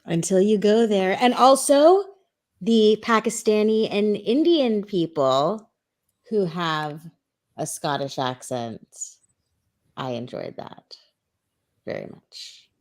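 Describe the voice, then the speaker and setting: A woman's voice: mid-range voice, lively intonation, slow pace, darkish tone. A woman from Louisiana chatting playfully on a live panel show, hopping from thought to thought. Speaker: panel guest. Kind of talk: casual live panel chat.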